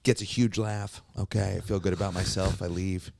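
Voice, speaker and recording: A man, a warm-up comedian and podcast guest, telling anecdotes in casual chat and acting out the voices of people in his stories. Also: low-pitched, moderate pace, creaky, no echo. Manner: lively anecdotes, acts out quoted voices.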